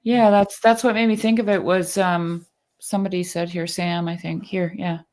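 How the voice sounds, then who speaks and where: A woman podcast host who reads a passage aloud and then chats casually, earnest and quick to laugh. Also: on the low side. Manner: earnest, quick to laugh, lively when excited.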